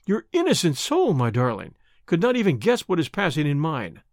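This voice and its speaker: A man's voice: fairly high pitch, wildly swooping pitch, normal speed, a little mellow, dry recording, studio quality. A man reading a story aloud, voicing a bold, defiant young man who protects the woman he loves.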